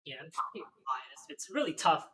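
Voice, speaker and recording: A man's voice: fairly high pitch, sing-song, moderate pace, a loud crowd. A young man chatting casually on a game stream, swearing now and then.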